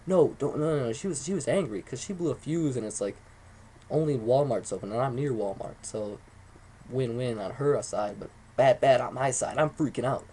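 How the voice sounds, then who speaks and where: A young man telling a rambling, excitable story to the camera, swearing often as he goes. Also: medium pitch, moderate pace, a little hiss or hum. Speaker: vlogger.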